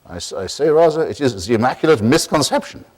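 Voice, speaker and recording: A man's voice: mid-range voice, expressive, quick pace, a little mellow, voice pushed up, lightly acted. A man voicing an earnest older male scholar, mimicking another man's accent. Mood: wry.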